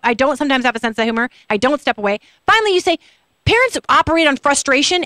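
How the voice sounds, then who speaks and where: A woman hosts a radio interview in a high, quick voice, eager and chatty as she asks her questions. The sound is dry and close to the mic. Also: a bit bright, no echo. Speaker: radio host. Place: radio studio.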